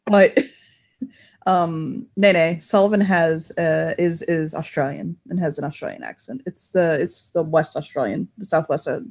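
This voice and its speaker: A woman's voice: low-pitched, a little slow, darkish tone. A woman running a tabletop game, narrating in a rambling way with frequent swearing and restarts. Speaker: game master.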